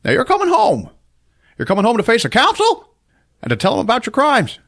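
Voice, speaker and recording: A man voicing a stern figure scolding a traitor, in a high, loud, mocking voice. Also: huge pitch swings, brisk, exaggerated voice.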